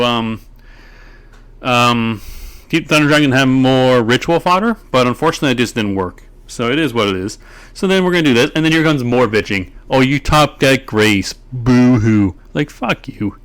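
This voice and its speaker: A man's voice: medium pitch, a bit bright. A man giving casual commentary over a replay of his own card game, frustrated and swearing often, rambling through his thoughts with fillers and restarts. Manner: frustrated, ranting, profane. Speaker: gameplay commentator.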